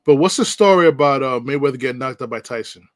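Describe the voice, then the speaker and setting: A man of middling pitch co-hosts a casual podcast. He chimes in bluntly, agrees in quick bursts and laughs along. His voice sounds close and dry. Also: no room sound. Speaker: podcast co-host. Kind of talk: casual chat.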